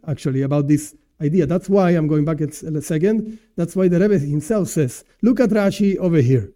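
Male Torah teacher, high voice with a mellow, dark tone, casual lecture pacing. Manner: animated, explanatory, asks and answers himself. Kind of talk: informal religious lesson.

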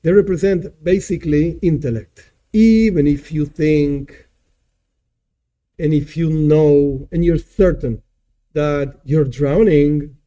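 A male teacher with a very mellow, dark tone and a slightly raised pitch. He talks slowly, working through a song one phrase at a time and restarting now and then as he searches for words. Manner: slow, translates phrase by phrase with small restarts. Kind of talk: explaining a song line by line.

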